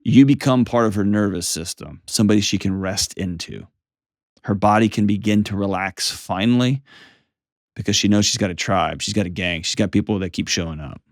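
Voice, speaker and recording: A man's voice: fairly low pitch, fairly quick, no room sound, clean studio sound. A man hosting a call-in advice show, talking in an earnest, coaching way and often repeating his phrases. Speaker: host giving advice.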